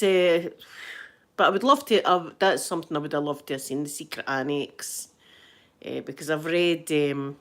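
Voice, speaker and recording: A middle-aged Scottish woman chatting casually on a live stream, greeting viewers by name and laughing often. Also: medium pitch. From Scotland.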